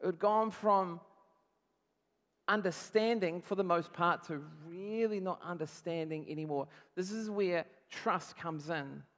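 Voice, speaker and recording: A male pastor giving a conversational, animated sermon, acting out quotes as he goes. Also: high voice, unhurried, long reverb tail.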